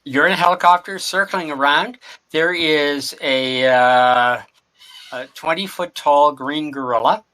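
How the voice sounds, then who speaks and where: A man narrating a tabletop game as game master, describing scenes with many pauses and fillers. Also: fairly high pitch, bright, forceful tone, poor audio. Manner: hesitant, lots of fillers while describing scenes.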